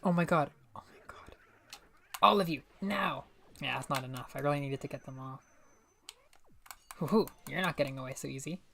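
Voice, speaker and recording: Young woman, game streamer, low voice, playful muttering and casual swearing. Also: moderate pace, creaky, pauses often. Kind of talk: casual gaming livestream commentary.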